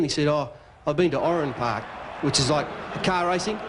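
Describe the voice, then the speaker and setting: A man with an Australian accent telling a comic story at a club dinner, spinning a yarn with quick punchlines and doing the other man's lines. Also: on the high side, background noise. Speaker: after-dinner speaker. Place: club function room.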